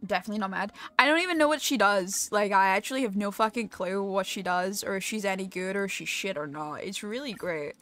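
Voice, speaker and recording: A woman's voice: mid-range voice, a little fast, hardly any pauses, a bit bright. A young woman streaming a game, chatting casually, swearing freely and poking fun at herself. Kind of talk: casual live-stream gaming chat.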